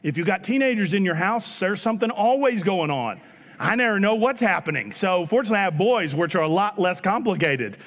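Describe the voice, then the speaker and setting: A man, preaching an animated sermon and acting out little dialogues with repeated phrases. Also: high voice, a little fast. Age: 40s. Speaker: pastor. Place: church sanctuary. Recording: church hall with long reverb.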